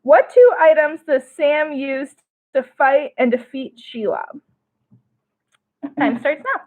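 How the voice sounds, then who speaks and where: A young woman hosts trivia from home in a high, bright voice, chatty and quick to giggle. She reads each question slowly and clearly. The audio is thin and phone-like, like a live stream. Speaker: trivia co-host.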